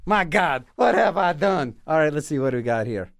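Lively high-voiced rambling male host. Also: moderate pace, vocal fry, no room sound, studio quality. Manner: playful, self-mocking, trips over words and repeats them; talks to himself in back-and-forth mock dialogue. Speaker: radio show host. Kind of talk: rambling comic monologue.

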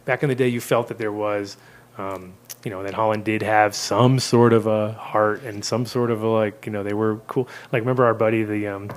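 A man's voice: on the low side, steady tone, normal speed. A middle-aged man in casual podcast chat, rambling through stories and acting out the voices of people he quotes. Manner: rambling storyteller who acts out quoted voices. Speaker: cannabis seed company guest.

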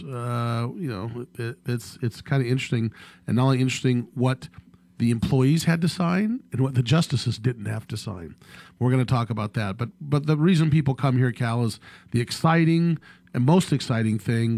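A man's voice: medium pitch, normal speed, gravelly, a little mellow, no room sound. A middle-aged man hosting a radio law talk show, chatting casually with restarts and teasing his co-host. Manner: rambling, restarts, chuckling teasing.

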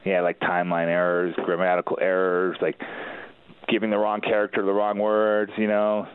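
A man's voice: deep voice, completely flat delivery, normal speed, clear, resonant tone, no room sound. A man talking as a podcast guest in a casual chat, laid-back and rambling, with plenty of fillers and restarts. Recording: thin phone-like line.

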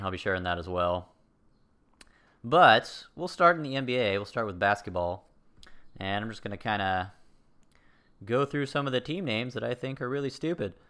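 A man's voice: lowish voice, pushed and bright, smooth. A man from New York giving a sarcastic, rambling comedic rant with mock outrage. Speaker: comedic commentator.

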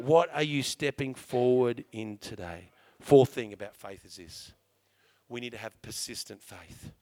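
A man with an Australian accent preaching a sermon as a pastor, telling lively stories and acting out the dialogue. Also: medium pitch, normal speed. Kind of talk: sermon storytelling.

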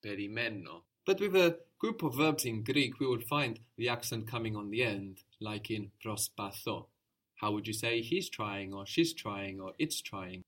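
A man's voice: lowish voice, animated, normal speed, hardly any pauses, a bit bright. A man teaching a language lesson, patient and encouraging, explaining each point step by step.

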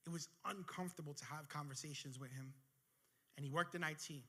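A man's voice: fairly high pitch, fairly quick, pushed and bright. A man, a pastor, preaching a sermon and telling a personal story from his workplace with building intensity.

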